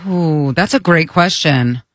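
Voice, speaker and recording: A man's voice: a little high, takes it slowly, a bit bright, no room sound, clean studio sound. A man in casual comedy chat, playful and often laughing.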